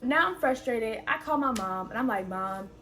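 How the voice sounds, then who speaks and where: A young woman vlogger recounts a story to her viewers with animated, dramatic flair, full of exclamations. Her voice sits a little high. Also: normal speed, soft background music. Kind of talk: storytime narration to camera.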